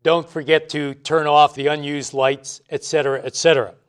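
A man's voice: a little high, flat delivery, normal speed, smooth. Male preacher, teaching sermon, emphatic, repeats points for a congregation. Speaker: pastor. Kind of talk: expository Bible sermon.

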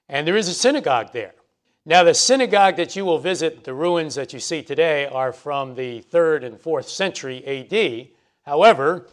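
A man giving an expository bible lesson, measured and growing emphatic when he quotes scripture. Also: fairly high pitch. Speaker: bible teacher.

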